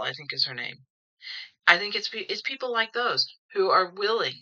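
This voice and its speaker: A woman talks through a tarot reading at home in a casual, opinionated way, circling back and repeating words as she goes. Her voice sits a bit low and comes across very sharp and forceful, with a dull, lo-fi sound. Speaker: tarot reader.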